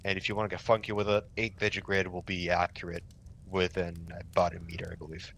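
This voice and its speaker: A man's voice: sits low, flat delivery, fast, creaky, fairly bright tone, a little hiss or hum. A young man running a casual milsim signals training, talking loosely and swearing, with many restarts. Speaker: milsim instructor.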